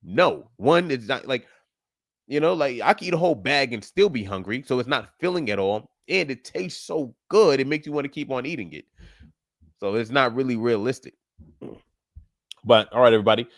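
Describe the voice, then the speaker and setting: A man's voice: medium pitch, animated, brisk, long pauses, no room sound, studio quality. A young man hosting a live stream as a fitness coach, chatting casually and encouraging callers, laughing often. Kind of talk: casual livestream chat.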